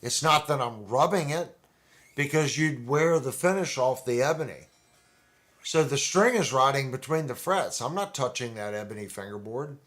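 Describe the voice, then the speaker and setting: A man's voice: mid-range voice, animated, moderate pace, a bit bright. A man hosting a casual livestream, chatting in a rambling, conversational way with restarts. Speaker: livestream host. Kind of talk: casual chat about guitars.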